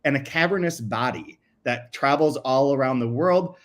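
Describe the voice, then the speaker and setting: A man chatting on a podcast, sharing strange facts and reading bits of articles aloud. He laughs often, even in the middle of his sentences. His voice sits at an ordinary middle pitch. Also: normal speed. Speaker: podcast co-host. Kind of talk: casual chat, reading quotes aloud.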